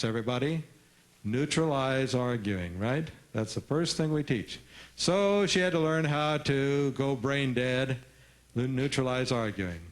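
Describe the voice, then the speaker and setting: Brief: male seminar speaker, mid-pitched, playful, quizzes the audience, lecture room. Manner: lively, teasing, coaxes audience responses. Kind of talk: live seminar talk to an audience.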